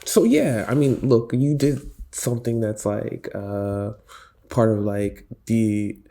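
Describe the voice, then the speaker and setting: A man's voice: fairly low pitch, slow, dark tone. A man co-hosting a podcast, chatting in a loose, laid-back way full of "like" and "you know". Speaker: podcast co-host. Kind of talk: casual podcast chat.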